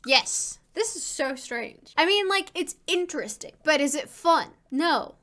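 A woman's voice: sits high, lively intonation, measured pace, bright, forceful tone. A woman hosting a casual let's play, commenting in a profane, exasperated, self-mocking way.

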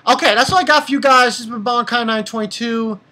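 Excitable rambling young anime reviewer. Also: mid-range voice, quick pace. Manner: rambling, excitable, swears freely. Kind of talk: casual episode review.

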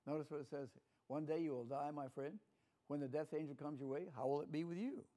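With a warm, fairly high voice and fairly even intonation, an older Southern American man speaks a little fast. He is a Sunday school teacher giving a chatty, folksy Bible lesson and often asks the class for an amen.

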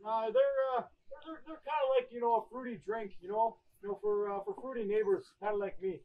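A man's voice: high voice, steady tone, brisk, distant mic, lo-fi sound, lightly acted. A man playing a dim, friendly neighbor, rambling and hesitant and calling everyone "bud". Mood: sheepish.

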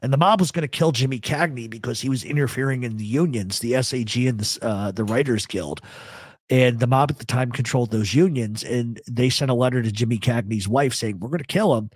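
A man's voice: mid-range voice, brisk, husky, dry recording, clean studio sound. A man hosting a live talk show, giving blunt, rambling opinions to viewers in the chat. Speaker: host. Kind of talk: live radio chat answering a chat.

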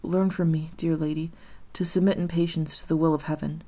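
A woman voicing a condemned young woman, resigned and pious, in a gentle, solemn audiobook reading. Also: deep voice, level tone, fairly quick.

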